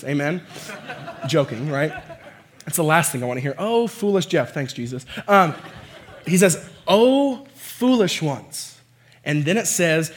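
Man preaching a chatty, rising sermon. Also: on the high side. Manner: conversational, frequent "right?" and "okay?" asides; swings from quiet to shouting.

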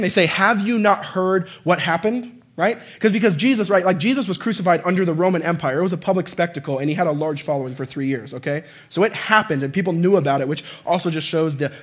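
A man preaching a conversational sermon, often checking in with "right?" and "okay?" and swinging from quiet asides to shouting. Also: fairly high pitch, fast talker.

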